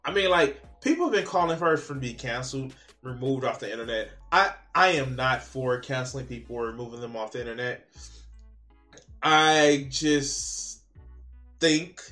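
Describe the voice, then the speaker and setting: A man's voice: mid-range voice, lively intonation, a little slow, long pauses, sharp tone, faint music behind. A man commenting on a video clip, mocking and exasperated, swearing often. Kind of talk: profane reaction commentary.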